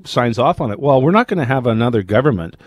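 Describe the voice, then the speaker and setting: A man breaks down election races on a radio panel, steady and analytical. He sometimes stops mid-word and starts again. His voice sits at a middle pitch, close and dry on a studio mic. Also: no room sound. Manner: measured, analytical, stops to restart words. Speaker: political commentator.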